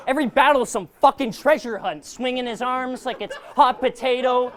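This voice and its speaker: A man with a fairly high voice spits an aggressive, taunting battle rap verse, stacking punchline after punchline. A loud crowd is clearly audible around him at the live event. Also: lively intonation, a little fast, few pauses, noisy background. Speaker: battle rapper.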